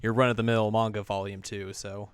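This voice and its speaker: A man co-hosting a chatty podcast, with a smooth, clear voice recorded dry and close on the mic. He jokes and laughs often and fills his talk with "like" and "you know". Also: on the low side, little pitch movement, brisk, no room sound. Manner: jokey, laughs often, many fillers. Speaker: podcast co-host. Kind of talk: casual chat.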